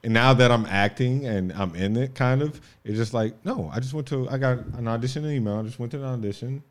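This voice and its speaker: A man's voice: mid-range voice, fairly quick. An American man, an actor, chatting casually and rambling with slang and repeated words. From United States. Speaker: actor, guest. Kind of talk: casual podcast chat.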